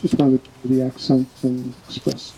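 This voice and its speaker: A man from New York with a New York accent, speaking at a neighbor's funeral, halting and lightly joking. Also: mid-range voice, completely flat delivery, gravelly, a crowd in the background, low-quality recording. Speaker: neighbor giving a eulogy.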